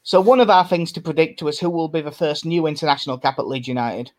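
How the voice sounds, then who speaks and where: A man's voice: fairly high pitch, quick pace. Chatty man on a football podcast. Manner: chatty, laughs often, swears casually. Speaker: podcast co-host. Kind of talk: casual football chat.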